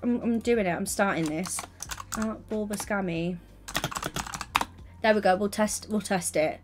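A woman's voice: medium pitch, measured pace. A young woman streaming, chatting casually and teasingly while building in a game. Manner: teasing, giggly, playful.

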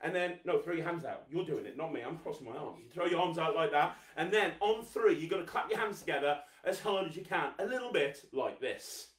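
A man hosting a live children's magic show, energetic, coaxing and teasing as he gets the viewers to clap and cheer. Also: fairly high pitch, a little fast, few pauses, roomy sound, recorded from a distance, noisy background. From England. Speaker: host, magician.

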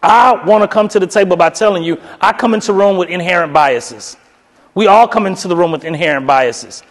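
High-voiced man telling stories. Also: a little fast, long reverb tail. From South Louisiana. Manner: animated, acts out voices in quoted dialogue, casual Southern phrasing. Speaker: keynote speaker, professor. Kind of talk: energetic storytelling keynote. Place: lecture hall.

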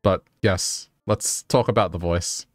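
A male game streamer with a fairly low voice, cracking jokes and chatting with the game's characters. His voice is close and dry, with no room sound around it, and faint music plays underneath. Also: fairly even intonation, measured pace, no echo. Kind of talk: playful gameplay commentary.

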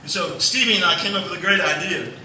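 A male pastor preaching a sermon, telling a family story in a folksy, animated way. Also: high voice, fast, a little hiss or hum. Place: church sanctuary. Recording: echoey church hall from far off.

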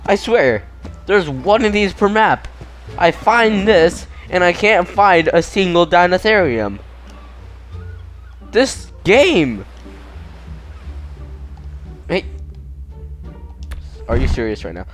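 A young man casually commenting over his own gameplay, excitable and quick to yelp when startled. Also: high voice, faint music behind. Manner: excitable, yelps and shouts at jump scares. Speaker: gaming channel host.

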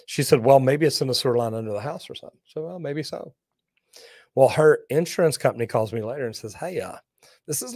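Folksy joking plumber host, dry sound. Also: male voice, on the low side, dry recording. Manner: lively storyteller, folksy and joking. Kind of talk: live Q&A chat reading viewer comments.

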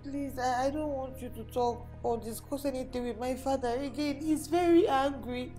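A woman's voice: high voice, steady tone, moderate pace, dark tone, close to an everyday voice. An actress playing an anxious young woman with a Nigerian accent, pleading urgently. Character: young woman torn between father and lover, anxious. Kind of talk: Nollywood film acting. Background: film score music.

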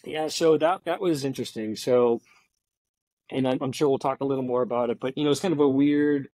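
A man's voice: mid-range voice, fairly quick, dry recording, poor audio. A man in his forties from Florida, a guest on an interview show, telling stories casually with lots of fillers and restarts. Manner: animated storyteller, many fillers and restarts, laughs easily. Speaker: guest, veteran and tech founder.

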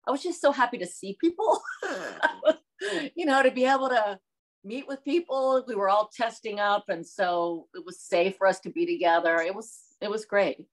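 A woman from the American South, middle-aged, talks through her work in a relaxed interview. She is lively and often laughs, slipping into other voices when quoting people. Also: mid-range voice, moderate pace. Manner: animated, laughs often, acts out quotes. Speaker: actress, interview guest. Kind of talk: casual interview chat.

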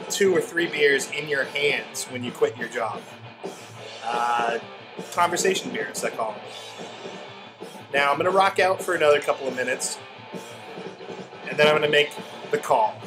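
A young man in a deadpan, casual comedic style, giving mock how-to advice as the host of a comedy video. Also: fairly high pitch.

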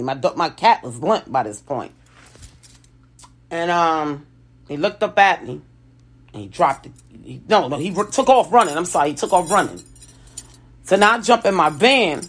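A woman telling a personal story in casual speech, full of restarts and self-corrections, acting out other people's lines. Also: lowish voice. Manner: animated, restarts and self-corrections, lively quoted voices.

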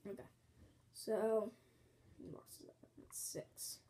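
A woman's voice: mid-range voice, very slow, dark tone. A woman teaching a building game step by step, counting blocks aloud, apologizing often as she fights off a cough at home. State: bouts of coughing. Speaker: game tutorial host.

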